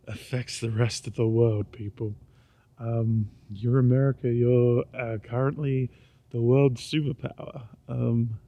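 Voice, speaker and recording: A middle-aged Australian man, tired and speaking quietly, rambling through a casual walking vlog outdoors at night. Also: no room sound. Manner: rambling, quiet and low-key. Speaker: vlogger. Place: outdoors on a small-town main street at night. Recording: dull lo-fi recording.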